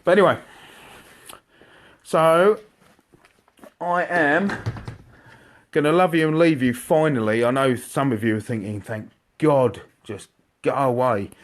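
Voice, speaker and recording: A man, an airsoft shop owner, chatting casually and excitably to viewers on a live stream from inside his shop. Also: medium pitch, a little slow, pauses often. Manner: chatty, excitable, jokey, addresses viewers directly.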